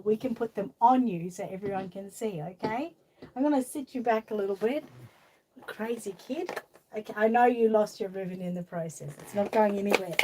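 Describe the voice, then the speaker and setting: A woman's voice: medium pitch, darkish tone, a little hiss or hum. An Australian woman hosting a casual live stream, reading viewer comments aloud and coaxing a doll in a fond sing-song voice, laughing often. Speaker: vlog host.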